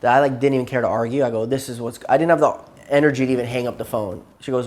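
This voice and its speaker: A man's voice: medium pitch, steady tone, rapid-fire, few pauses, darkish tone. A man telling a long story to his therapist, rambling and repeating himself, tired and burnt out. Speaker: client in therapy session.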